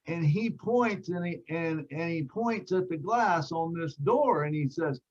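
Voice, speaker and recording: High-voiced man telling a sales story. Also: moderate pace, dull audio. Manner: animated storyteller who acts out quotes. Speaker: sales team member sharing a story. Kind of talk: casual storytelling on a video call.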